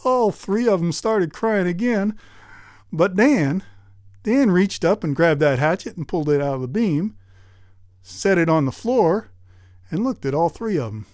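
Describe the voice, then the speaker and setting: A storyteller tells a folk tale a little slowly, his folksy, animated voice fairly high for a man and rising and falling in pitch throughout. The recording is dry, with no room sound and no echo.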